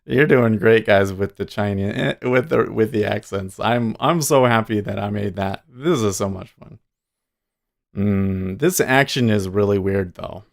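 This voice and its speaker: A man's voice: fairly low pitch, a little slow, creaky. A man hosting a casual livestream. He is chatty, laughs often and trails off mid-thought. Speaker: streamer and day trader.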